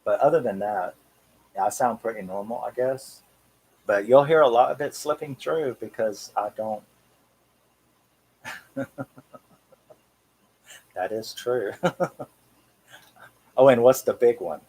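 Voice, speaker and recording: On a rough recording, this Cockney Englishman in his thirties speaks slowly with long pauses, his mid-range voice warm and husky. He runs a horror channel's live-stream, chatting in a rambling way and chuckling frequently.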